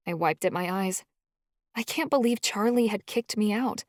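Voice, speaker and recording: A woman narrating a first-person audiobook in an even, measured storytelling manner. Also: medium pitch, no echo, studio quality.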